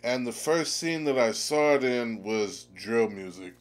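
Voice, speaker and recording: A man's voice: medium pitch, lively intonation, measured pace. A man in his thirties hosting a video essay, talking in an emphatic, conversational way with some fillers. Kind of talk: opinionated commentary monologue.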